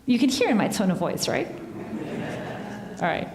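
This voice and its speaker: A woman's voice: medium pitch, sing-song, normal speed, pauses often, a little mellow. A woman giving a conversational talk to a live audience, engaging them with questions and laughing at herself. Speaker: workshop speaker. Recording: echoey hall with long reverb.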